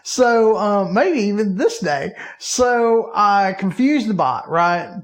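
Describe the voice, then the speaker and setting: A man from Alabama, co-hosting a podcast and telling a story in a lively way, acting out his own panicked reactions. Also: sits high, slow. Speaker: podcast co-host. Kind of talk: casual chat.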